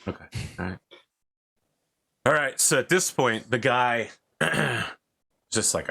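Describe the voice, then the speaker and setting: A man narrating as game master in a relaxed, joking way. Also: medium pitch, takes it slowly, long pauses.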